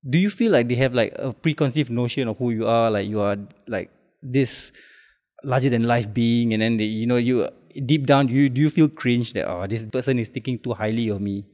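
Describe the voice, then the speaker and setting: A man's voice: medium pitch, normal speed, darkish tone, big-room sound. A young man with a Singaporean English accent hosting a podcast, asking casual questions full of fillers. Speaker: podcast host. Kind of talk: casual interview chat.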